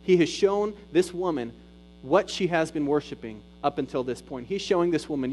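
A man preaching a sermon as pastor, rising to loud emphatic peaks and dropping to soft, intimate retelling. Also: a little high, moderate pace, slight background noise, poor audio.

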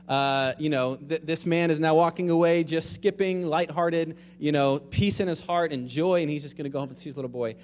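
A man preaching a sermon in a loose, conversational way. His voice sits a little higher than most men's. He drops low and quiet for reflective points, then builds to firm emphasis, with a faint hum underneath. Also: steady tone, fairly quick, few pauses, big-room sound. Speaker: pastor.

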